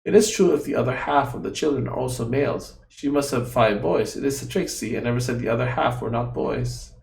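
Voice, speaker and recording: A man's voice: mid-range voice, brisk, vocal fry, a little mellow, roomy sound, close to an everyday voice. A man voicing a fretful, childlike female guardian who talks about herself in the third person, with broken grammar.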